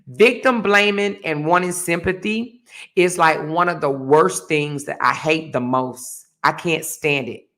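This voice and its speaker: A woman's voice: deep voice, a little slow, a bit bright. A woman hosting her own livestream and ranting in a heated, blunt, profane way, repeating her points. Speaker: livestream host. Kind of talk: casual livestream rant.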